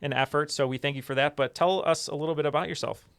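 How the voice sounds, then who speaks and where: A man hosting a trivia podcast, talking casually and warmly with plenty of ums and uhs. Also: a little high, steady tone, quick pace, vocal fry, clear, resonant tone, dry recording, studio quality. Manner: friendly, filler-heavy. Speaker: podcast host.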